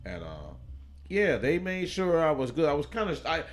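A man's voice: fairly high pitch, big pitch swings, moderate pace, slight background noise. A man from Chicago, a podcast guest, telling his life story in a loose, rambling way with many restarts and fillers. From Chicago, USA. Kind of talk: casual interview storytelling.

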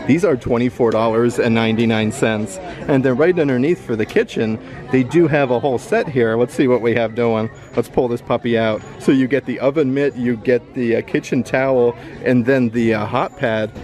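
A man's voice: mid-range voice, normal speed, a little mellow, faint music behind. A man filming a casual shopping vlog in an outlet store, upbeat as he describes merchandise and prices. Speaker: vlogger.

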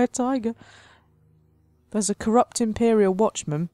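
A woman's voice: mid-range voice, fairly even intonation, moderate pace, dark tone, dry recording, studio quality. A woman hosting a let's play, commenting on the game in a playful mock-dramatic way and laughing often. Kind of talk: gameplay commentary.

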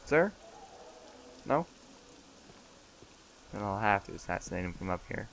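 A man's voice: fairly low pitch, sing-song, measured pace, creaky, background noise. A man giving casual, joking gameplay commentary and talking back to the game's characters. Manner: joking, chatty, talks back to game characters. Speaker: let's play gamer.

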